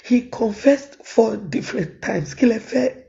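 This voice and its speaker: A woman's voice: on the high side, unhurried, warm tone. A Nigerian comedian, a woman, giving a tearful, pleading video statement, switching between Yoruba and English. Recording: dull lo-fi audio.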